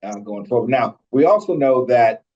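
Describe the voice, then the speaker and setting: A man's voice: mid-range voice, animated, moderate pace, a little mellow, husky, highs cut off. Laid-back male podcast co-host. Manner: laughs often, swears casually. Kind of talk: casual chat.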